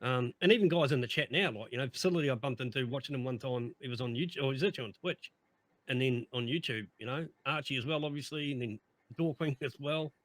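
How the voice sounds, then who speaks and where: A man's voice: mid-range voice, fast talker, fairly bright tone. A man chatting on a podcast, emphatic and upbeat, repeating himself and swearing heavily. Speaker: streamer on podcast. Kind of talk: casual chat.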